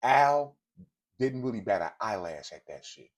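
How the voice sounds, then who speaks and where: A man's voice: lowish voice, big pitch swings, a little slow. A man telling a gossip story straight to his viewers, in a casual, blunt and profane way. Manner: speaks directly to viewers. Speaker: commentary host. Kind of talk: casual celebrity gossip commentary.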